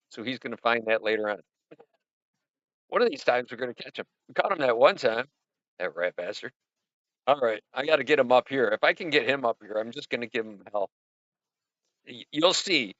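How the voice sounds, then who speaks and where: A man's voice: mid-range voice, expressive, normal speed, pauses often, fairly bright tone, no room sound. A man hosting a casual livestream, rambling and joking as he talks to his viewers. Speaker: livestream host. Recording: dry, dull lo-fi sound.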